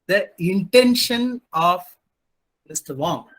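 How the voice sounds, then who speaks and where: A man's voice: high-pitched, lively intonation, takes it slowly, a bit bright. A man speaking as a panelist, emphatic and sarcastic, often answering his own rhetorical questions. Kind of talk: panel discussion commentary.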